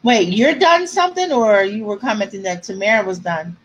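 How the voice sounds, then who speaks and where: A woman with a somewhat husky voice and mid-range pitch talks casually to a livestream audience. She answers viewer comments in a chatty, emotional way. At moments she sounds close to tears. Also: a little fast, rough recording.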